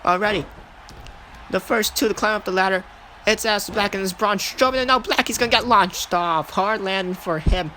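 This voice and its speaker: A young man doing excited play-by-play commentary over a wrestling video game, repeating himself and shouting at the big moments. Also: high voice, brisk, a little hiss or hum.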